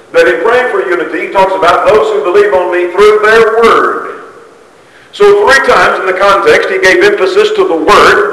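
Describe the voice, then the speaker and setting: A man preaching a sermon to a congregation, measured and emphatic, repeating key phrases. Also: high-pitched, fairly bright tone. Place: church hall. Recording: echoey hall, distant mic.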